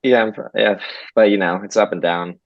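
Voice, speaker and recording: A man working as a podcast producer, answering in a hesitant, modest, low-key way. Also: steady tone, moderate pace, no echo, highs cut off.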